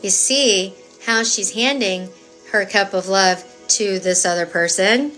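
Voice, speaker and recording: A woman's voice: mid-range voice, slow pace, bright, forceful tone, soft background music. A woman giving a live-stream tarot reading in a chatty, emphatic, rambling way with many fillers. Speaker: tarot reader.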